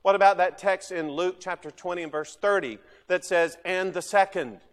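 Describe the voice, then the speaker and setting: High-voiced preacher in a reverberant hall. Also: male voice, moderate pace. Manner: animated, questions the listeners, swings from loud to quiet. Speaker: pastor. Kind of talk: sermon.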